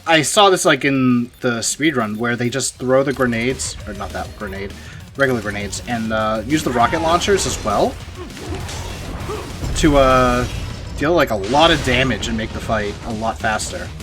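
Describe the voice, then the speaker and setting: A man's voice: mid-range voice, normal speed. A man giving casual, chatty gameplay commentary, full of fillers. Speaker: streamer. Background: game music.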